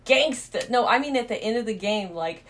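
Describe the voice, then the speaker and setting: A woman co-hosting a podcast in casual chat, relaxed and laughing along. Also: mid-range voice, slight background noise. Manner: chatty, laid-back, quick to laugh along. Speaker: podcast co-host.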